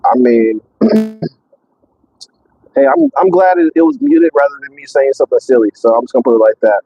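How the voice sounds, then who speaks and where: A man's voice: mid-range voice, normal speed, breathy edge, dry recording. Winded trucker guy chatting on a live stream, lots of uh and bro, kinda muffled audio. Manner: rambling, excitable, lots of fillers and repeats. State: out of breath. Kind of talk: casual live-stream chat. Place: in and around a truck.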